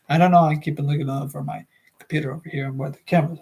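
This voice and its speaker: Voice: mid-range voice, fairly even intonation, very fast, a little mellow. A streamer reading a book aloud on a livestream, chatting casually and rambling with many fillers.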